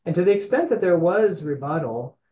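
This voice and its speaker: Man, hoarse voice, attorney at a hearing, hesitant, echoey room, faint background noise. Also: a little high, lively intonation, fairly quick, mellow. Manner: hesitant, many fillers and restarts. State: hoarse, coughing from allergies. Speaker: attorney for the applicant. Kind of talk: legal argument at a hearing.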